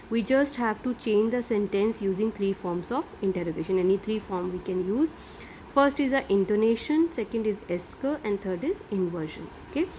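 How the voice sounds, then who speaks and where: A middle-aged woman teaches a French grammar lesson. She explains each step patiently and keeps checking in with her students. Her voice sits a little high, with a faint hiss of background noise. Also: darkish tone.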